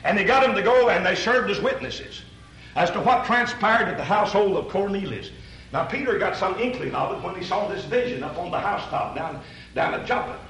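Folksy high-voiced preacher in a roomy hall. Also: male voice, lively intonation, fairly quick, a bit bright, slight background noise. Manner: folksy, conversational, asks the congregation rhetorical questions. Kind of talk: sermon.

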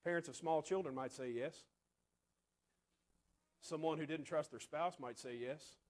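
A man preaching a sermon in a conversational way, asking the congregation rhetorical questions and often dropping to quiet asides. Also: on the high side, a little slow.

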